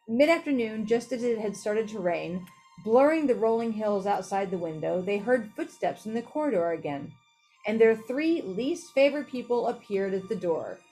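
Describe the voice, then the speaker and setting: Expressive woman reading a storybook aloud. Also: fairly high pitch. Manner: expressive reading with small self-corrections. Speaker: audiobook reader. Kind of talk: storybook narration.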